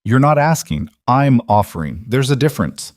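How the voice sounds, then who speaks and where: A man's voice: mid-range voice, big pitch swings, moderate pace, no echo, pitched above the performer's own voice, lightly acted. A composed young nurse who speaks plainly and reassuringly, as a man reads her lines. She sounds matter-of-fact and firm in a dry, close storybook recording. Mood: earnest, firm. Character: calm, practical young woman nurse. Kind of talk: scripted story reading.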